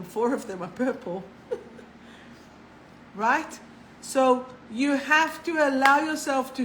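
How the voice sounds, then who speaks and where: A woman's voice: on the high side, a little hiss or hum, low-quality recording. Chatty woman hosting a spiritual livestream. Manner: chatty, animated, laughs at herself, swears casually. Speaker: spiritual coach and live show host. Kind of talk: casual livestream talk.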